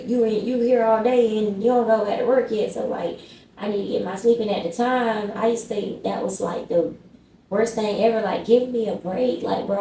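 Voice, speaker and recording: A woman's voice: medium pitch, warm tone, echoey room, distant mic, a little hiss or hum, poor audio. A woman vlogger telling a casual storytime, chatty and slangy, talking straight to her viewers.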